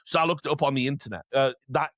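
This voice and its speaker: A man's voice: medium pitch, fast, no echo, clean studio sound. A man co-hosting a casual film podcast, who tells stories with energy and acts out scenes. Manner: animated storytelling, acts out scenes. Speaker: podcast co-host.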